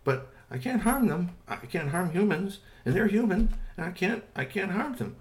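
A man voicing a small excitable boy in a bedtime story, eager and stammering. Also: high voice, normal speed, voice pushed up.

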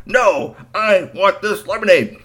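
A man voicing a brash, stubborn young boy who shouts in a squeaky high voice. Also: animated, slow, heavily acted. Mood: defiant shouting.

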